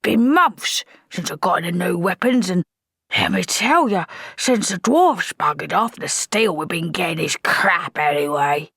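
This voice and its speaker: A woman voicing a grizzled, one-legged old male quartermaster who talks gruffly and defensively, his voice jumping higher than her narration. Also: big pitch swings, measured pace, fairly bright tone, no room sound, clean studio sound, full character voice. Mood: grumbling.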